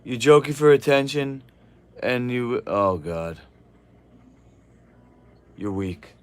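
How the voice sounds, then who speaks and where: A man's voice: mid-range voice, lively intonation, slow, clean tone. A man streaming live from a home kitchen, talking back to his chat with brash, combative trash talk as a martial arts fighter.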